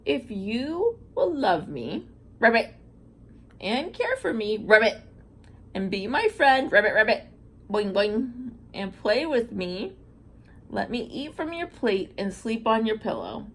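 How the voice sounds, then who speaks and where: A woman's voice: fairly high pitch, sing-song, slow, fairly bright tone, exaggerated voice. A woman voicing a male frog who pleads and keeps adding ribbit between his phrases. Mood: pleading.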